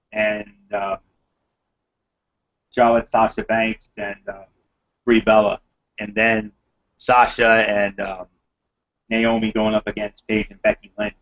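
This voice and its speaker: A man's voice: lowish voice, a bit bright, dull audio. A man hosting a casual wrestling podcast, rambling with lots of fillers as he recaps matches enthusiastically. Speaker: podcast host reviewing wrestling.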